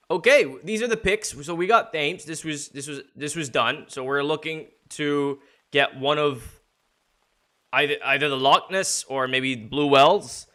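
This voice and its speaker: A man's voice: a little high, bright, forceful tone. A man streaming from home, casting a strategy-game match with loose, jokey commentary that rambles and restarts. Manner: rambling, jokey, laughs often. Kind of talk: casual live game commentary.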